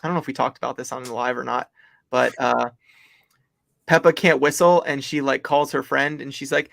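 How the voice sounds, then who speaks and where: A man's voice: mid-range voice, steady tone, brisk, gravelly, fairly bright tone. A man co-hosting a livestream, chatting casually in a rambling, amused way. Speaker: livestream co-host.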